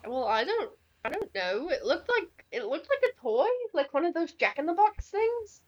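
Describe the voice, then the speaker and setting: A woman's voice: high voice, very animated, moderate pace, highs cut off, a little hiss or hum, voice pushed up. A woman voicing a tiny male fey knight in a tabletop game, prideful and easily flustered.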